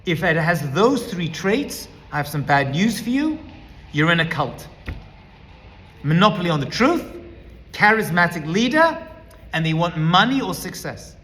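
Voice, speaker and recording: A man's voice: sits high, very animated, a little slow, sharp tone, long reverb tail. A man speaking as a rabbi, giving an emphatic teaching talk that he lays out point by point. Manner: emphatic, lecturing, builds points as a numbered list.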